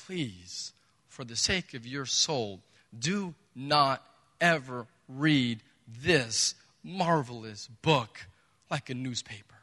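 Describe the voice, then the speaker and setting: A man's voice: medium pitch, lively intonation, takes it slowly, sharp tone. A man preaching a sermon as pastor, emphatic and conversational, asking his listeners rhetorical questions. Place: church sanctuary. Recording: reverberant church hall.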